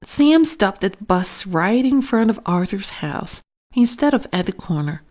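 A woman reading a children's storybook aloud in an expressive, careful way. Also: medium pitch, measured pace. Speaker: storybook narrator.

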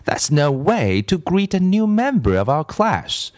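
A man's voice: on the high side, big pitch swings, measured pace, darkish tone, pitched above the performer's own voice. Storybook: a fussy teacher lady with a sugary lilt, voiced by a male reader. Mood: prim. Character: prim fussy female schoolteacher.

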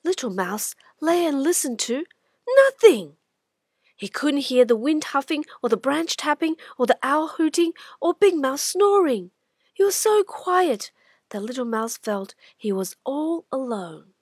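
A woman hosting and narrating a children's radio drama, animated and dropping to whispers for suspense. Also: sits high, measured pace, no room sound, studio quality. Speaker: narrator and host. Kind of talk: expressive children's story narration.

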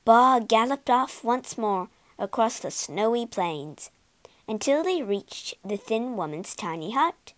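A woman reads a children's story aloud, slowly and with lively ups and downs in her voice. Her voice sits a little high, and the recording is close and dry. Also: no room sound. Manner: expressive, unhurried reading.

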